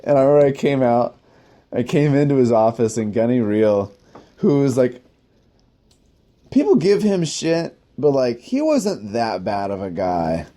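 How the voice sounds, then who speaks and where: A man's voice: medium pitch, very animated, a little slow, mellow. Rambling, profane man telling stories. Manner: rambling, profane, heavy use of "like"; laughs at himself mid-story. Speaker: podcast host telling war stories. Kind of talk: casual personal storytelling.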